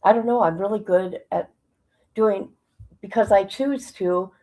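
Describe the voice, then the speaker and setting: A woman's voice: medium pitch, a little slow, warm tone, low-quality recording. A woman hosting a casual livestream from home on her phone, rambling and emotional as she talks to her chat. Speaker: livestream host.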